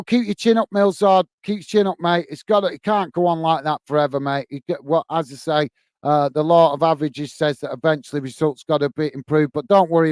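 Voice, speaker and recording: A man hosting a live stream, reading viewers' comments in a hurried, chummy way full of fillers, calling everyone mate. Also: fairly high pitch, clean tone, no room sound. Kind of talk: casual live-stream chat.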